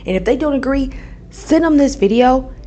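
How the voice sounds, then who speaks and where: A woman's voice: high-pitched, lively intonation, moderate pace, mellow. A woman in her twenties from the American Midwest, hosting a casual solo podcast vlog, chatty and blunt, swearing freely and checking in with "okay?". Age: 20s. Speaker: podcast host.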